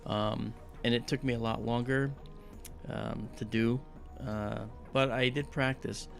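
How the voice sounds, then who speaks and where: A man's voice: mid-range voice, fairly even intonation, a little slow, gravelly, soft background music. A man hosting a live astronomy stream, chatting in a rambling, friendly way with many fillers and greeting viewers by name. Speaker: livestream astronomy host. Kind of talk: casual livestream chat.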